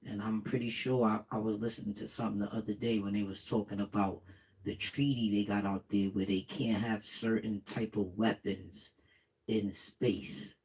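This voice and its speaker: A man's voice: on the low side, flat delivery, moderate pace, darkish tone, low-quality recording. A man hosting a reaction vlog, talking casually and slangily straight to his viewers. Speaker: vlog host reacting to videos.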